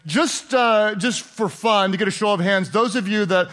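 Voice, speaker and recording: High-voiced man preaching a casual sermon. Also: normal speed, a bit bright. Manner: conversational, asks the congregation questions, playfully sarcastic. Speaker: pastor.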